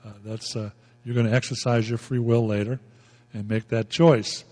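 A man's voice: medium pitch, flat delivery, moderate pace, mellow, big-room sound. A male pastor preaching a folksy, emphatic sermon, repeating himself as he explains scripture.

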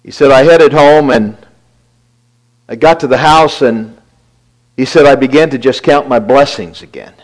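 A man giving a devotional talk, earnestly retelling a friend's words and quietly counting his blessings. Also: medium pitch, a little slow, long pauses, poor audio. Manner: reflective, quiet listing of blessings.

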